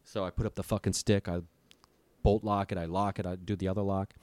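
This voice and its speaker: A young male guest tells the story of a scary night, using vivid, profane language and taking on the voices of others in the tale. His low, deep voice is a little mellow, with a flat delivery and a fairly quick pace. The recording is close and dry, with no echo.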